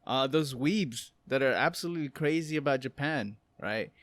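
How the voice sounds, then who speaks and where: A man's voice: medium pitch, expressive, normal speed, fairly bright tone, no room sound. Laid-back man with a dry close sound. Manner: laughs often, swears casually. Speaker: podcast co-host. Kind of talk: casual chat.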